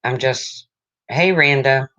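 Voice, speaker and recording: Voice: mid-range voice, takes it slowly, pushed and bright, dull audio. Emotional livestream host chatting with viewers. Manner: rambling, greets chat viewers mid-sentence. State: emotional, near tears. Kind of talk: casual livestream chat.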